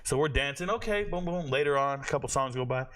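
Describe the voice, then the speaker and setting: A man in his forties hosting a live stream, joking loudly with his chat viewers in casual slang and telling stories. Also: medium pitch, expressive, fast talker. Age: 40s. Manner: loud, joking, slangy storyteller.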